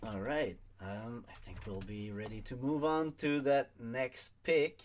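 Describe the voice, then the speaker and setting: A man's voice: medium pitch, steady tone, measured pace. A man hosting a casual draft show, talking with many hesitations and fillers.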